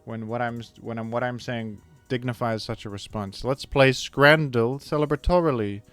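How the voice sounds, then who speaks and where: A man's voice: medium pitch, steady tone, normal speed, a bit bright, no room sound, faint music behind. A man giving casual, rambling gameplay commentary as a video creator, chatting to viewers and often correcting himself mid-sentence.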